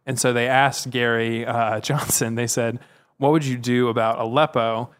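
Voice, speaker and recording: A man's voice: mid-range voice, steady tone, normal speed, slight background noise. A man on a podcast, casually telling a long story with plenty of fillers and asides, now and then mimicking voices. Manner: rambling, with frequent fillers and "if you will"; mimics other people's voices when quoting. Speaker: podcast co-host.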